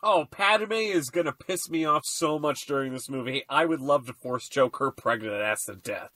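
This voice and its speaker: A man's voice: mid-range voice, sharp tone, dry recording. A man co-hosting a podcast, tossing out goofy jokes and banter about a movie. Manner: goofy, quick banter and joking asides. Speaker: podcast co-host. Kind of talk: casual comedic movie commentary.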